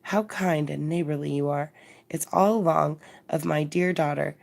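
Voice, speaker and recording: A woman's voice: low-pitched, normal speed, creaky, darkish tone. A woman reading the lines of a jolly elderly male porter, a fond father beside himself with joy. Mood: joyful. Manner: hearty, fond exclamations.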